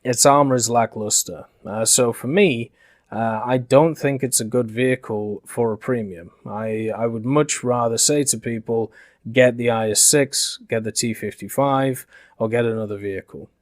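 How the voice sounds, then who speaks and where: A man from Yorkshire speaking with a softened middle-class British accent, giving casual, rambling gaming commentary full of "uh" fillers. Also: medium pitch, moderate pace, dry recording, clean studio sound. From Yorkshire, England. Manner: conversational and rambling, frequent uh fillers.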